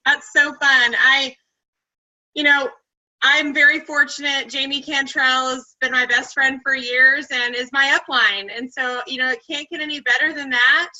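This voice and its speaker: A woman's voice: high voice, steady tone, normal speed, sharp tone. A woman on a video call, sharing her business success with her team in an upbeat, earnest way. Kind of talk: motivational call talk. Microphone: computer mic on video call. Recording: muffled video call audio.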